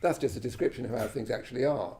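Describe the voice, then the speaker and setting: Speaking quickly in a mellow, medium-pitched voice, an Englishman leads a live class in the shrine room of a Buddhist centre. His informal talk is chatty and self-deprecating, peppered with "you know" and "yeah?".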